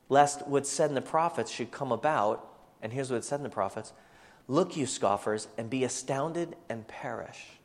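A man preaching a sermon as pastor, animated and acting out the voices of the people he quotes. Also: mid-range voice. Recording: long hall reverb.

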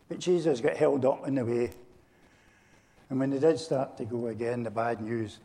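A man preaching a sermon, retelling a story and speaking directly to his congregation in an animated way. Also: medium pitch, normal speed, creaky. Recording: long hall reverb.

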